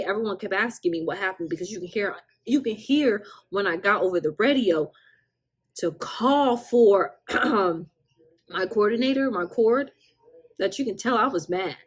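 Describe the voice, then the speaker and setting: A husky-voiced young woman tells a casual storytime vlog. Her pitch rises and falls a lot as she acts out what people said, and she laughs often between lines. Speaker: vlogger.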